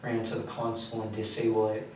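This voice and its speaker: Male suspect, low flat confession voice, reverberant room recording with faint noise. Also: fast talker. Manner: flat, matter-of-fact recounting, voice often trailing low. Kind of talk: police interrogation confession. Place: police interview room. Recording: echoey room, mic far off, faint noise.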